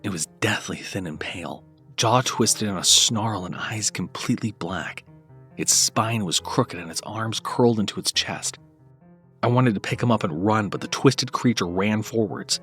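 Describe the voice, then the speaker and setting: A man reading a first-person horror story aloud in a dramatic scripted narration, dropping to soft low murmurs and lifting louder at tense moments. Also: moderate pace, soft background music.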